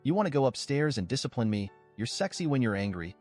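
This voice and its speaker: A man's voice: mid-range voice, sing-song, fast talker, a little mellow, soft background music. A man voicing a crude, shameless teaser. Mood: mocking. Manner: mocking, flippant.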